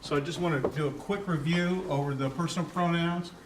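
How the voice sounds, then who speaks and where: A man's voice: on the high side, steady tone, brisk. Man lecturing from across a classroom. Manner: informal, filler-heavy explaining with questions to students. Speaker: Greek instructor. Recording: distant mic, faint noise.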